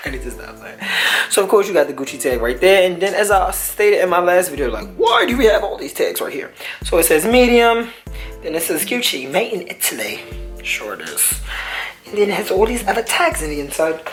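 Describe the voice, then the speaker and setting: A man in his twenties rambling and joking through a casual unboxing vlog, full of slang. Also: high-pitched. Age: 20s. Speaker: vlogger. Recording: roomy echo, faint music.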